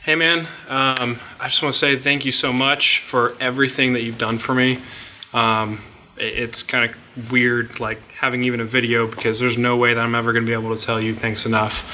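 A young man speaks casually and sincerely, a little awkward, as he thanks his youth pastor. His pitch stays even and his tone is very bright, with faint room noise behind him. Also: brisk, rough recording. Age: young adult. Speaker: youth group member.

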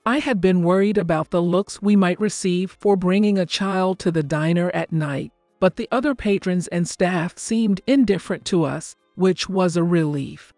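Gravelly older woman narrating a story. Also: lowish voice, normal speed, hardly any pauses, a little mellow, no room sound. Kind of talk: scripted first-person story narration. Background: faint background music.

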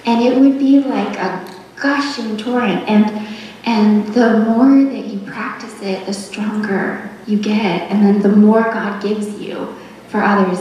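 A woman gives a memorial tribute about her late mother, laughing softly and stopping often to find her words. Her voice carries from a distance through a large room with a long, ringing echo. Her pitch sits in the middle of the range and her pace is slow. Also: a little hiss or hum. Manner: warm, laughing, halting with fillers. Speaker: eulogy speaker. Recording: echoey hall from far off.

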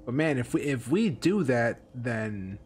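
A man streaming a video game, rambling through casual commentary, swearing and getting excited. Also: mid-range voice, measured pace, a little hiss or hum.

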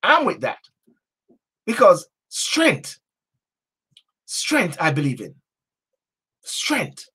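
A man hosting a talk show, giving a passionate motivational monologue in a preachy way, repeating slogans like chants and swinging from hushed to loud. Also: on the high side, wildly swooping pitch, takes it slowly, pauses often, husky.

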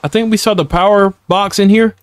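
A man's voice: high-pitched, fairly even intonation, a little fast, a little hiss or hum. A young man casually commenting on a horror game as he plays, slangy and laughing often, talking back to the characters. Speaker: gaming YouTuber. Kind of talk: casual let's-play commentary.

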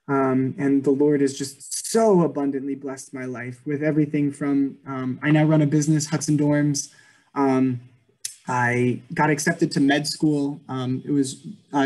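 A man's voice: medium pitch, a little mellow. A man in his twenties giving an earnest Christian testimony over a video call, with many ums and likes. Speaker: guest speaker.

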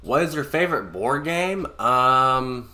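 A man giving casual, swearing, halting reaction commentary. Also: mid-range voice, animated, bright, forceful tone. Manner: laid-back, swearing, halting. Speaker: reaction video host.

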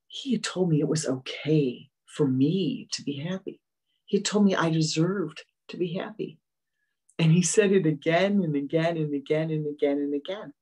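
A spiritual teacher speaks at a slow, unhurried pace in a meditative dharma talk. The voice is husky and breathy, with gentle repetitions that often trail off into soft murmurs. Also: mid-range voice, low-quality recording.

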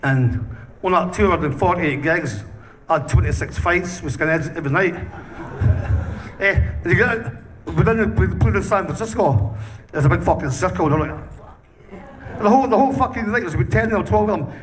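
A foul-mouthed man in his interview chair, spinning wild tales in a high, rough voice. He laughs through his stories and swears in almost every breath. The mic sits a way off, with a faint hiss behind him. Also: normal speed. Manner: profane, laughing often, swearing constantly. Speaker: punk band singer. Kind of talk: casual interview storytelling. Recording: distant mic with faint background noise.

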